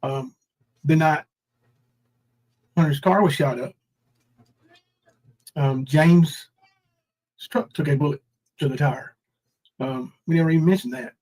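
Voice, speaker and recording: A man in his forties hosts a loose, rambling livestream chat with a slightly high voice. He drifts between his own news and greeting viewers from the chat, sometimes hamming up mock crying. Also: expressive, takes it slowly, long pauses, darkish tone, rough recording. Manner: rambling, reads chat names aloud, mock crying bits. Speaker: livestream host.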